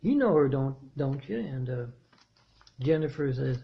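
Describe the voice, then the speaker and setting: A man telling a meandering story in a halting monologue, restarting his phrases often. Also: medium pitch, lively intonation, gravelly, dark tone, highs cut off, a little hiss or hum. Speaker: self-made video preacher.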